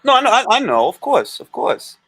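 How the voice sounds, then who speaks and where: Animated man hosting boxing chat. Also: very high-pitched, brisk, no echo. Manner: animated, joking, blunt. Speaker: livestream host.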